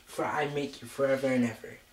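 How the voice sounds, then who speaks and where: A man's voice: medium pitch, fairly even intonation, fast, background noise. A male vlogger in a comedic scolding skit, swearing heavily and repeating mock threats and taunts.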